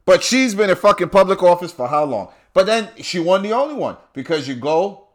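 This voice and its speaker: A man's voice: high voice, big pitch swings, brisk. A man delivering a casual, profane rant to his viewers in street slang.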